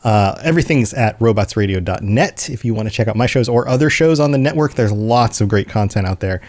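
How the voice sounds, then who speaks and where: A man's voice: on the low side, expressive, brisk, a little mellow. A man hosting a podcast, chatting casually and laughing often as he wraps up the episode. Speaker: podcast host. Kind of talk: casual chat.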